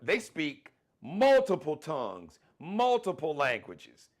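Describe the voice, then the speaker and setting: A man's voice: fairly high pitch, wildly swooping pitch, slow pace. A man from the United States hosting a live talk show, speaking emphatically and often repeating words as he starts a point. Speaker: host.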